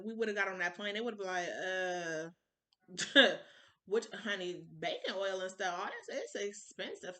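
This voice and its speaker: A young woman vlogger telling a story in casual chat, animated and acting out the voices of people she quotes. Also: medium pitch. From Ohio. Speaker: vlogger, cupcake business owner.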